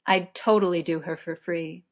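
A woman's voice: fairly low pitch, steady tone, moderate pace, natural voice. Woman doing a cocky, teasing young man. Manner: teasing, boastful.

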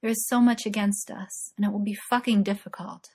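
A woman's voice: medium pitch, flat delivery, fairly quick, a little mellow, husky, lightly acted. Woman reading as an earnest young man. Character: earnest young man, smug yet anxious. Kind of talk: audiobook character reading.

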